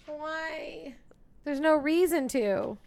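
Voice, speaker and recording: A woman's voice: high-pitched, extremely slow, darkish tone. Woman reacting indignantly in casual chat. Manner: reactive, short interjections and indignant comments. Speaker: co-host.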